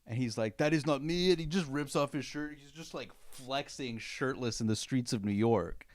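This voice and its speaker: A man co-hosting a podcast, chatting casually about movies, animated and laughing often as he goes off on tangents. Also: medium pitch, normal speed, no room sound. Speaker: podcast co-host. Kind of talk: casual film chat.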